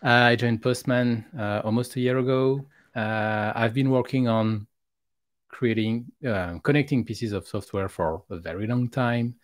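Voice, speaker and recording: A man's voice: mid-range voice, fairly even intonation, unhurried, no echo. A man from France with a French accent, a guest explaining his work over a video call, careful and hesitant with frequent fillers. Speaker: guest, API expert. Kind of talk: casual interview.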